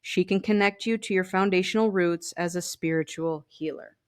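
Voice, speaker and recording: A woman with a somewhat low voice gives a casual card reading. She reads each card's text aloud, then turns to the viewer in a chatty way, with plenty of "you know" asides. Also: moderate pace. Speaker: tarot and oracle card reader.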